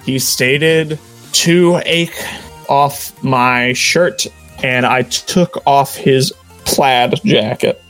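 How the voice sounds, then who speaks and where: A man's voice: medium pitch, extremely slow, faint music behind. A man giving a comedic dramatic reading of a bad fanfic, often laughing. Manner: laughing, breaking into shouts while reading. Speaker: fanfic reader.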